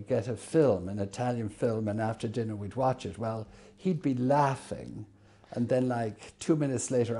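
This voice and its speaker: An older man, a bishop, telling fond stories in an interview with many pauses and fillers. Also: on the low side, gravelly. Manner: warm anecdotal, halting with fillers. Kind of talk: reminiscing interview.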